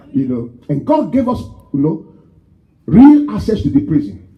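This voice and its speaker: A man preaching a sermon in church, emphatic and repetitive, rising to shouts as he leads prayer. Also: on the high side, huge pitch swings, a little slow. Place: church hall. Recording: dull, lo-fi church recording.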